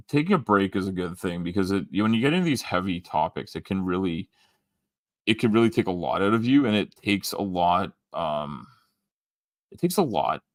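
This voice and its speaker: Canadian male streamer, low voice, dry close mic, rambling casual delivery. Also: fairly bright tone, no echo. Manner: rambling, halting, many restarts and ums. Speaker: livestream host. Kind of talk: casual livestream chat reading comments.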